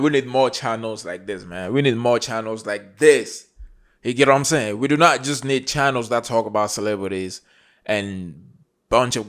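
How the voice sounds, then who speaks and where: Hyped-up man repeating catchphrases. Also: medium pitch. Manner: repetitive hype catchphrases, drawn-out asides. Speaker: reaction channel host. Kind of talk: casual video reaction.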